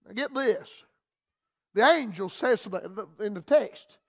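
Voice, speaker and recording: A man's voice: sits high, lively intonation, a little slow, vocal fry. A man with a Southern US accent preaching a radio sermon in a folksy, down-home manner.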